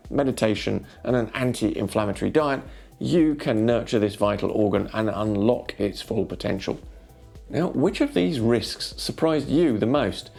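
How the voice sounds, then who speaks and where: A man giving scripted narration for a wellness video, calmly counting off tips in an instructive way. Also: medium pitch, creaky.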